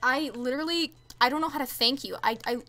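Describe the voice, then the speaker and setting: Young female streamer, high and bright, excitable and stammering, faint game music under. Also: fast talker. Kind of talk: casual live-stream chat.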